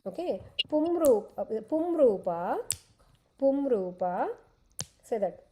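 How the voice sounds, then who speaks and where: A woman's voice: a little high, very animated, takes it slowly, muffled recording, slight background noise. A woman, retelling an ancient epic as a class lesson, explaining patiently and often saying "okay". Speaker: scripture storyteller teaching a class.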